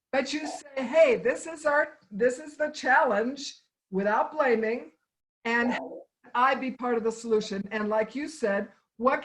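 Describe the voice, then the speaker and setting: A woman's voice: fairly high pitch, poor audio. A woman trainer teaching anger management in an online session, instructive and stepwise, repeating key points for emphasis over a video call.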